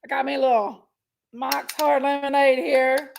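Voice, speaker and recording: A woman hosts a casual livestream, her voice sitting high with little pitch movement, gravelly and at a moderate pace, with a slight hiss or hum. She's chatty and affectionate, greeting viewers by name and calling them pet names.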